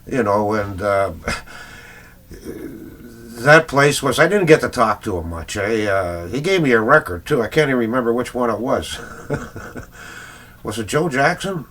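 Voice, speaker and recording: A man's voice: medium pitch, lively intonation, measured pace, long pauses, a bit bright. A middle-aged Canadian man, a record collector, chatting in a rambling casual vlog full of fillers and little chuckles.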